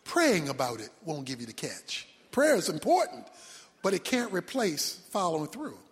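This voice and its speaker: A man preaching a sermon as pastor, swinging from loud shouts down to near-whispers. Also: on the high side, wildly swooping pitch, moderate pace. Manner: preaching with sudden shouts and drops to a hush. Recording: long hall reverb.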